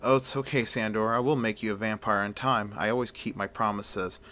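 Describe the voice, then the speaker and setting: A man reading aloud and voicing a scheming vampire countess in a soft, low, threatening way. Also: fairly even intonation, fairly quick, slight background noise. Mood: soothing. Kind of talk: amateur storytelling.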